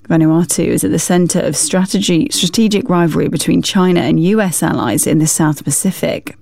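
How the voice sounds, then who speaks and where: Dark, gravelly woman newsreader. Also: lowish voice, no room sound. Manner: measured, formal read. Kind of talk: scripted news bulletin.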